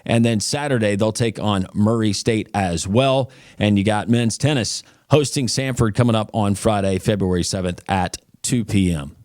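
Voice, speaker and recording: A man's voice: lowish voice, moderate pace, few pauses, darkish tone, no room sound. Man, sports podcast host, upbeat announcer delivery, dry studio sound. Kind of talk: sports news roundup and interview.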